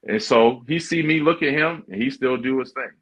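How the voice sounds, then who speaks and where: A man hosting a podcast, telling a story in a relaxed, slangy way. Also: mid-range voice, normal speed. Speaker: podcast host. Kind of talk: casual storytelling. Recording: dull lo-fi sound.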